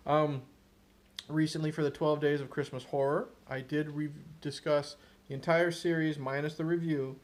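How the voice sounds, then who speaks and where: A man's voice: on the high side, little pitch movement, normal speed. A man hosting a casual chat, playful and teasing. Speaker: host.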